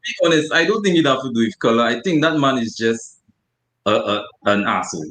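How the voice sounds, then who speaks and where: Man, mid pitch, measured casual chat, echoey room, faint noise. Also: animated, fairly bright tone. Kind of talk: casual reality-TV recap chat. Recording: roomy echo with faint background noise.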